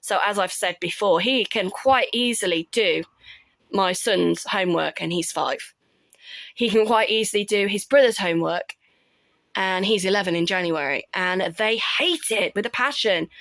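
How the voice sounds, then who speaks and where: A woman's voice: medium pitch, normal speed, vocal fry, dry recording. Mum in her 30s chatting about her kids, acts out their voices, dry close sound. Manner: animated storytelling, acts out her kids' voices. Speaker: parent vlogger. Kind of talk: casual chat.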